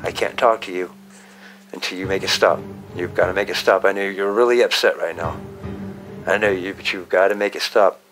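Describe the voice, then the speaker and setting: Deep-voiced man pleading with a spirit. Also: steady tone, brisk, over music. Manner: pleading and repeating himself. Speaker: paranormal investigator. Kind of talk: casual talk to viewers and spirit. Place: at home indoors.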